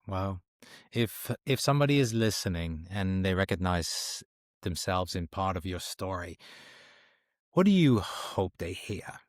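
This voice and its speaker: A male podcast host with a very deep, low voice answers his guest with brief, soft affirmations before asking his next question. The sound is dry and close to the mic. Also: very animated, a little slow, dry recording. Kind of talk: interview questions.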